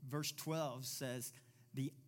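A man preaching a sermon as pastor, reading scripture aloud and building from quiet, low passages to loud, emphatic ones. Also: fairly even intonation, very slow. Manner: reads scripture aloud and voices imagined listeners.

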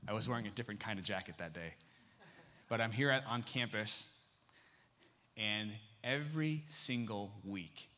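A young adult man who works as a campus missionary preaches a story-filled sermon, acting out dialogue with sudden jumps in pitch. His tone is sharp.

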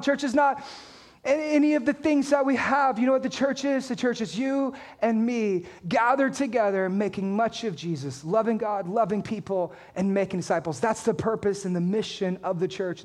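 A pastor with a strikingly high voice delivers his sermon with lively energy. He talks in a conversational way, throws rhetorical questions at the congregation and reads scripture aloud.

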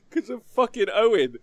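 A man's voice: extremely high pitch, darkish tone, no echo. A man hosting a wargaming show, teasing his co-hosts playfully in casual chat. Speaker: podcast host.

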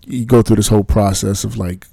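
A man co-hosting a podcast talks earnestly, pausing and searching for words. His voice has a gravelly edge and sounds dry and close. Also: fairly low pitch, fairly even intonation, mellow, dry recording. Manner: earnest, halting, many fillers. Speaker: podcast co-host. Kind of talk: casual podcast chat.

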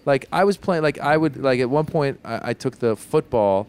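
Smooth-voiced man telling animated stories. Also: medium pitch, moderate pace. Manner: animated storytelling, acts out dialogue, many "like" fillers. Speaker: podcast co-host. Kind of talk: casual comedic chat.

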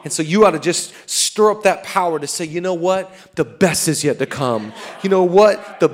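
Male pastor, 30s, high voice, fervent sermon delivery, rallying repetition. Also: lively intonation, moderate pace. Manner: fervent, repeats rallying lines.

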